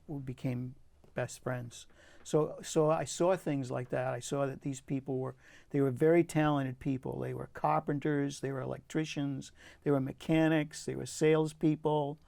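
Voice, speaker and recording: Reflective older man, gravelly and dry. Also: medium pitch, no room sound. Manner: earnest, reflective, with frequent restarts and soft asides. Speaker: poet guest. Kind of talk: personal storytelling in an interview. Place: community TV studio.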